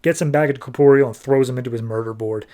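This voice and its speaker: A man casually summing up a comic book issue for a podcast, tossing off quick loose voices for the characters as he goes. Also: mid-range voice, fairly even intonation, dark tone.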